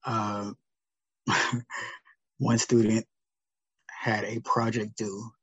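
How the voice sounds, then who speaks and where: A man, a teacher and podcast guest, telling stories in a casual, animated way and acting out his students' lines. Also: lowish voice, very slow, breathy edge, no echo. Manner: animated, acts out students' lines, many fillers. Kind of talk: casual storytelling conversation. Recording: muffled dry podcast audio.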